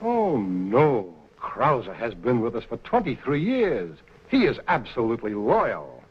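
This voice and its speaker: A man's voice: medium pitch, huge pitch swings, a little slow, husky, full character voice. An actor playing an impassioned newspaper publisher warning his colleagues, oratorical, in 1940s film acting on dull lo-fi old film sound. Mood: urgent. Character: impassioned anti-Nazi newspaper publisher, middle-aged man.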